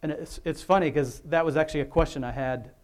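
A man's voice: fairly high pitch, fast. Male pastor, casual sermon, talks in loops and asides, restarts a lot. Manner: chatty, self-interrupting, many restarts and asides. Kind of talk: rambling informal sermon.

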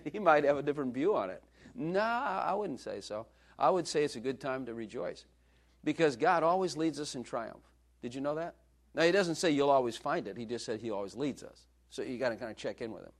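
A man's voice: medium pitch, expressive, brisk. A male preacher giving a sermon in a joking, conversational way, laughing often.

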